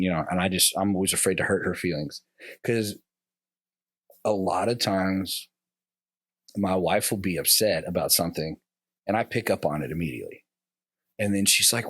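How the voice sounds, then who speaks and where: A man with a very deep voice, talking as a guest in a loose, rambling way and playing out remembered exchanges from home. The sound is dry and close-miked. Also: a little fast, fairly bright tone, no room sound. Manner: rambling, acts out remembered dialogue with his wife. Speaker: podcast guest. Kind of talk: casual conversation, personal reflection.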